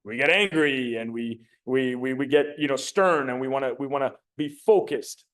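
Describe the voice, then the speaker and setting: A young adult man, working as a communication coach, gives a casual motivational talk in a medium-pitched voice at a moderate pace. He swears freely and tells stories with animation, acting out the quotes.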